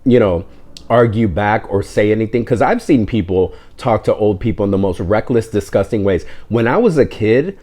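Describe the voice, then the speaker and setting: A man telling a story in casual, animated fashion, joking and going off on tangents, dropping in Spanish words. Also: lowish voice, moderate pace.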